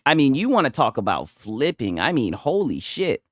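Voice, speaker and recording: A man's voice: mid-range voice, wildly swooping pitch, moderate pace, dry recording, studio quality. A man casually chatting with his viewers and reading chat on a livestream, laid-back, swearing a lot and laughing often. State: tipsy from a couple of beers.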